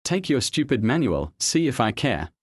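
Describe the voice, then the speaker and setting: A man's voice: mid-range voice, big pitch swings, moderate pace, no echo. A man voicing a sulky young boy who snaps back defiantly at his sister. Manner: sullen, yelling back.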